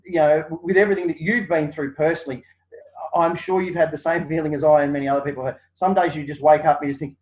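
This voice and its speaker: Male guest, high voice, chatty and animated, lo-fi recording. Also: fast talker, slight background noise. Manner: animated storyteller, acts out quotes, many fillers. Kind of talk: casual interview chat. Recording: dull lo-fi sound.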